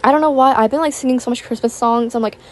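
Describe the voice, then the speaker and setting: A teenage girl chats away in a slightly high voice, rambling from one thought to the next with lots of fillers. She is self-conscious and apologetic, and her voice has a slight roughness to it. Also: fast. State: voice a little rough. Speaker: YouTuber. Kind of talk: casual chat over gameplay.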